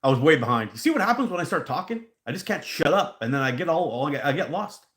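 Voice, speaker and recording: A man's voice: a little high, quick pace. Rambling man telling stories in an echoey room. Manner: rambling, animated storyteller who laughs at his own stories. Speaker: hot sauce maker hosting a live stream. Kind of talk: casual live-stream chat. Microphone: handheld mic pulled out.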